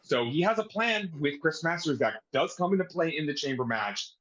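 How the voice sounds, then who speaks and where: A man co-hosting a wrestling review show in loose, casual chat. He is loud and animated, his voice a little high. The sound is dull and lo-fi. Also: brisk. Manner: loud and animated, shouting mock impressions. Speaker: podcast co-host.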